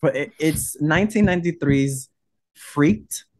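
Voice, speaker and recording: A man's voice: a little high, a little slow, a little mellow. A man on a casual podcast chat, gushing with campy enthusiasm about a film he loves. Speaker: podcast co-host.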